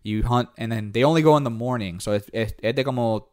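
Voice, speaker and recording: A Puerto Rican man, born in New York and raised in Puerto Rico, talks fast and casually in a medium-pitched voice. In this bilingual chat he switches between English and Spanish, uses many fillers, and quotes others in raised voices.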